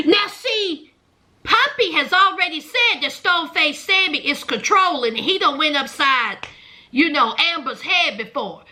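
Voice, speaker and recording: A woman's voice: high-pitched, animated, a little slow, pushed and bright. A woman giving a casual, sassy recap of a reality show, chatty and laughing often as she tells it.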